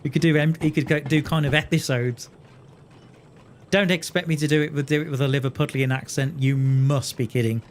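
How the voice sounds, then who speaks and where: A man's voice: a little high, fairly even intonation, brisk, slight background noise. A man chatting casually while live-streaming a train simulator game, rambling, telling jokes and talking to his viewers. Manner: rambling, joking, talks to chat and himself.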